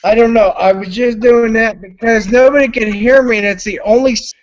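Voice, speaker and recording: A man's voice: extremely high pitch, fairly even intonation, brisk. An intoxicated man hosting a live stream, rambling loosely and swearing constantly. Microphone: computer mic on a live stream. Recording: lo-fi online stream audio.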